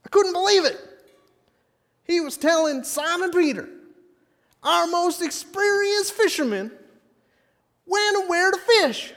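A man voicing an excitable old-timey Wild West fisherman in a folksy drawl, telling a first-person story during a sermon. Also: very high voice, unhurried, pauses often, big-room sound, pitched above the performer's own voice, full character voice. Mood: excited.

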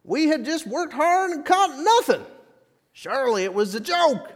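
Guy putting on a high folksy wild west varmint drawl, old fisherman, excited, echoey hall. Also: measured pace. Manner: folksy drawl, exclamatory storytelling. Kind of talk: first-person character monologue in a sermon.

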